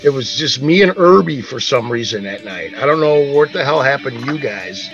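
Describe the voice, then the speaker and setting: Speaking at a moderate pace in a mid-range voice, this podcast co-host spins a rowdy, profane story, performing each character's lines with animation. The sound is lo-fi, with faint music in the background.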